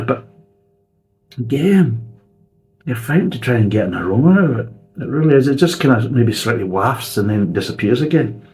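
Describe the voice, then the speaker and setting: A man's voice: medium pitch, lively intonation, normal speed, pauses often, darkish tone, soft background music, rough recording. A man reviewing a beer in a casual, sweary, ranting way.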